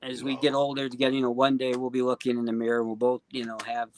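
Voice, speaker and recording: A man's voice: mid-range voice, monotone, quick pace, slight background noise. A man speaking as a singer-songwriter guest in a casual interview, earnest and heartfelt, filling his talk with "um" and "you know". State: choked up.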